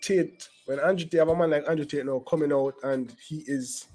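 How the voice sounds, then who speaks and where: A man's voice: on the high side, fairly even intonation, a little fast, darkish tone, rough recording. A man giving casual, rambling commentary as a channel host, emphatic and full of asides and restarts.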